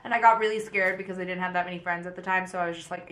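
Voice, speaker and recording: Bright-voiced young woman telling a storytime. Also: lowish voice, fairly even intonation, rapid-fire. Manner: dramatic, playful storytelling with slang. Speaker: YouTuber host. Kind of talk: storytime vlog.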